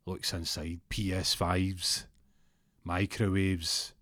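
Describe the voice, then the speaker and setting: Casting: Scottish storyteller, animated, rambling, low voice. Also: male voice, slow, no room sound. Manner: rambling, animated, acts out characters. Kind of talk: casual comic storytelling.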